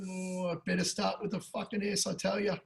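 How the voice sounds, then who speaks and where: An Australian man with a high-pitched voice talks racing tips in a rowdy, profane way. He gets fired up and loud, then drops to a low mutter for jokes. It is casual podcast banter between mates. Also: a little fast, creaky, rough recording. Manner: loud, crude and excitable, swears a lot. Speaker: podcast co-host. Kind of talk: casual betting tips chat.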